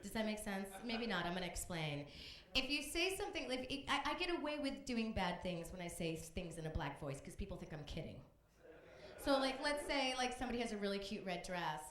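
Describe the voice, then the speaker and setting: Bright-voiced woman doing stand-up. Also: medium pitch, sing-song, a little fast. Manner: conversational, banters with the crowd. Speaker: stand-up comedian. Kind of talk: stand-up comedy set. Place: comedy club stage, live audience. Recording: echoey live club room.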